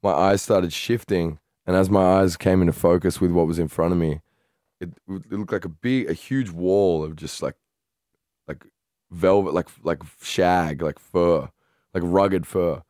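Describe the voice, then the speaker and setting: A man's voice: deep voice, unhurried, no echo, studio quality. A young Australian man co-hosting a podcast, telling a wild story in casual chat with plenty of swearing. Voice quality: swears freely, animated retelling. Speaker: podcast co-host.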